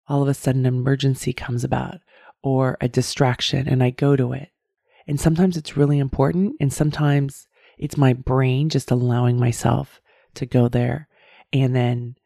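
A woman hosts her own podcast and talks to the listener one to one, calling them her friend as she reflects. Her voice is mellow with a gravelly edge. The recording is close and dry, with little room sound. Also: a bass voice, no room sound. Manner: warm direct address, calls listener "my friend". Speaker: podcast host. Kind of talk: reflective solo podcast talk.

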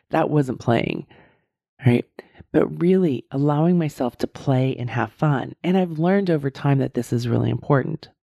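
Woman in her 50s, host of a reflective talk, mellow tone, dry close sound, earnest and repetitive for emphasis. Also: rumbling low, no room sound. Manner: earnest, repeats points for emphasis, asks "right?" often. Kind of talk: reflective motivational monologue.

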